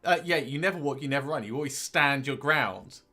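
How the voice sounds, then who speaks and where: A man's voice: mid-range voice, lively intonation, a little fast, sharp tone. Playful man chatting over a game. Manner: playful, laughs easily. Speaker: gaming host. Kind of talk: casual chat while playing.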